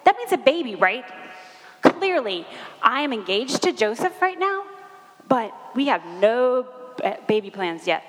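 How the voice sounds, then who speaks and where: A woman's voice: fairly high pitch, sing-song, unhurried. A woman playing Mary, an anxious, wide-eyed young woman, in a breathless, questioning first-person monologue. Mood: bewildered. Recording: reverberant hall.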